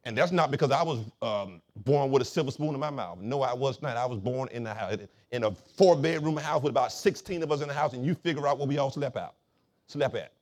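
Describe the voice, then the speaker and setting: A male pastor from Florida preaching a sermon, calling on the congregation to answer and swelling loud on key points. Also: mid-range voice, fairly quick.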